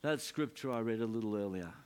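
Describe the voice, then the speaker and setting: A man preaching a sermon, telling a story in an earnest, soft-spoken way. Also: lowish voice, expressive, fast talker, clear, resonant tone. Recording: music playing behind.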